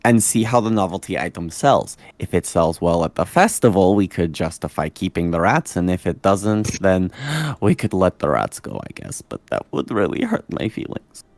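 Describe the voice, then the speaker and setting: A man's voice: deep voice, lively intonation, normal speed, darkish tone, no echo. A man playing a tabletop game, talking in a rambling, hesitant, persuasive way. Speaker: player. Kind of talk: casual tabletop game chat.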